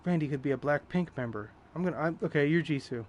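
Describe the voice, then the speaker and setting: The recording is muffled with slight background noise and loud game music as a young man talks fast in a fairly high voice. He's streaming a game, swearing freely and rambling candidly through stories as live commentary.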